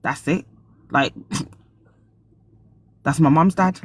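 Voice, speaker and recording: A man's voice: fairly high pitch, takes it slowly, breathy edge. A man hosting a casual live-stream podcast, animatedly retelling his arguments. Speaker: podcast host.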